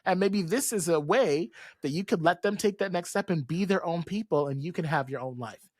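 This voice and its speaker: A podcast host giving a casual, animated and sassy recap full of slang and quick asides. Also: mid-range voice, dry recording, studio quality. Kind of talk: casual recap of a cartoon episode.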